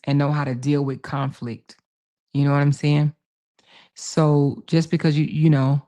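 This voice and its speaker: A woman's voice: deep voice, mellow. A woman hosting a casual livestream, reading viewer comments and answering them, repeating her points for emphasis. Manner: emphatic, repeats phrases, calls viewers baby and honey. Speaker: livestream host.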